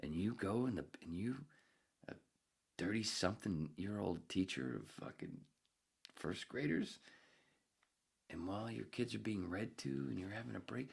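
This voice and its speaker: A podcast host telling a rambling, swear-filled story about reading to a class, breaking into squeaky voices for the kids' reactions. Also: male voice, lively intonation, normal speed, pauses often. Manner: gravelly, swears often, jumps into squeaky voices when quoting. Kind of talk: casual profane storytelling.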